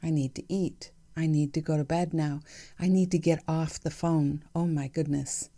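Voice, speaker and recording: A woman hosting her own podcast, talking candidly and reflectively in a chatty way with soft laughs. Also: low voice, fairly even intonation, normal speed. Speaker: podcast host. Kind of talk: reflective solo podcast monologue.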